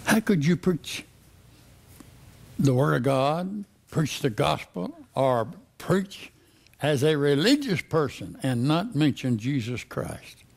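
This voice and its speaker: A man's voice: fairly high pitch, vocal fry. A man preaching a sermon, reading verses and pressing the listeners with repeated questions. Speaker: pastor.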